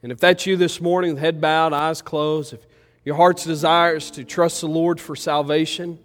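A man's voice: a little high, fairly even intonation, moderate pace, long reverb tail. A male pastor preaching a sermon, telling a homey story full of fillers before leading a prayer. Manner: folksy, meandering, warm storytelling with many fillers. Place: church sanctuary.

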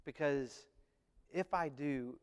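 A man preaching a sermon as pastor, animated, acting out voices and singing short snippets. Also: mid-range voice, slow, clear, resonant tone, in a large hall.

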